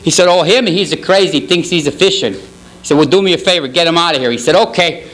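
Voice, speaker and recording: With a fairly high pitch and a quick pace, a man lightly acts the part of a sly Italian parish priest in middle age, complete with a fake accent and broken English. It's a stand-up roast at a banquet hall, delivered deadpan in long, rambling jokes. The recording is very noisy.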